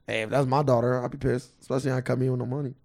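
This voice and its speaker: A man's voice: medium pitch, level tone, very fast, creaky, darkish tone. A man co-hosting a podcast, talking in a loose, rambling way with lots of "like". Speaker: podcast co-host. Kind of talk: casual chat.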